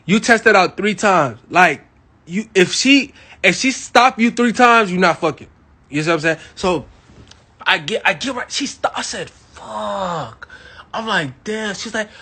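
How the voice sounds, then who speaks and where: A young man from Miami telling a crude story to his live audience, animated and swinging between loud bursts and hushed asides. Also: high voice, moderate pace, breathy edge. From Miami, Florida. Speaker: livestream host.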